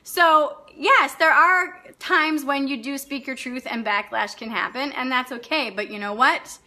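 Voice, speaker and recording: Blunt, high-voiced woman coach. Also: unhurried, pushed and bright. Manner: blunt and outspoken, swears freely, laughs often. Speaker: life coach hosting a live class. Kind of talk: unscripted live-stream talk answering viewer comments.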